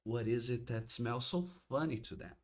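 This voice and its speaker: A man running a tabletop game as game master, narrating in a halting way with frequent restarts. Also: medium pitch.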